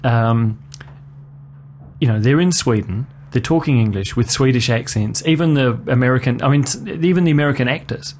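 A male radio host talks films in a loose, casual way. He hedges with ums and pokes fun at himself. His voice sits at a middle pitch over a faint hiss. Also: normal speed, darkish tone. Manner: chatty, self-deprecating, hesitant with ums. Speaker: radio film show host. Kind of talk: casual film review chat and interview.

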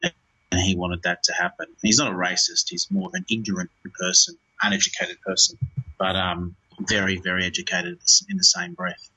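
A man's voice: low-pitched, big pitch swings, normal speed, bright, forceful tone, breathy edge, low-quality recording. A man, a film director, talking in an interview in a rambling way, with many fillers and restarts.

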